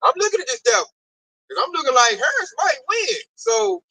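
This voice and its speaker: A man talks in a casual group discussion, swinging his high voice up and down as he tells stories and swears freely. His tone is bright and sharp, and the sound is dry and close. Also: a little fast, vocal fry, dry recording, poor audio. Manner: animated, profane storytelling.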